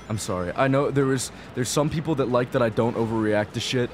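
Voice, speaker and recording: A man's voice: a little fast, few pauses. Young man swearing through gameplay commentary. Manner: frustrated, swearing, rambling, mutters low then bursts out. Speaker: gaming video creator. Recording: faint game music behind.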